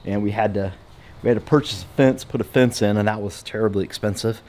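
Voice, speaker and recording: A man's voice: on the low side, fairly even intonation, quick pace, darkish tone. A man chatting casually in his home welding shop, rambling with lots of fillers and restarts. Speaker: vlogger showing his shop. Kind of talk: casual vlog chat.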